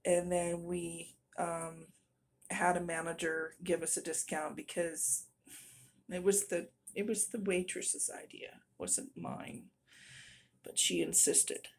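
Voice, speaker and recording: A woman's voice: fairly low pitch, flat delivery, a little slow. A middle-aged woman telling a story in a casual vlog, exasperated and venting, breaking into nervous laughs. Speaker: vlogger.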